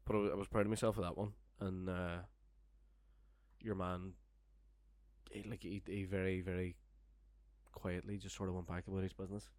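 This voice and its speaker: A young man spins a meandering, foul-mouthed anecdote in relaxed podcast chat. His voice sits low, and the sound is dry and close with no room around it. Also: moderate pace, pauses often, no room sound. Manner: rambling, sweary, laughing storyteller. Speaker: storyteller guest.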